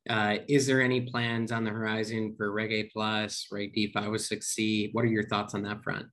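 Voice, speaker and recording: A man's voice: fairly low pitch, little pitch movement, moderate pace, a bit bright. A man hosting an interview, asking friendly, curious questions about investing. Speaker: interview host.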